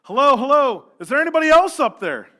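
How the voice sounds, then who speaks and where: A man voicing a panicked man hanging from a cliff, shouting high and loud for help during a sermon story. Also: normal speed, close to an everyday voice. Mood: desperate yell. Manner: yelling desperately, high and loud.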